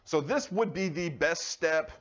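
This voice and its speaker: A man, a police officer giving a live safety training talk, conversational and animated as he tells stories to the audience. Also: a little high, unhurried, dull audio. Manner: conversational, animated storytelling, addresses the audience directly. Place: university room before an audience.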